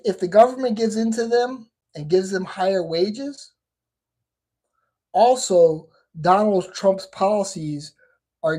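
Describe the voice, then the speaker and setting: A man's voice: high voice, mellow. A man hosting a shaving livestream, chatting casually and rambling, with lots of restarts and asides. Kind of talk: casual live chat.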